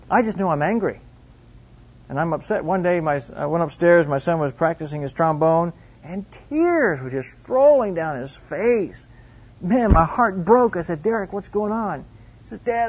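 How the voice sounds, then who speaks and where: A middle-aged man teaches a group in a plain, earnest way, leaning on stories from home. His voice is husky and sits a little high. The recording is muffled and lo-fi. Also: darkish tone. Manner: earnest, anecdotal, plain-spoken. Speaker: Christian teacher. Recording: dull lo-fi recording.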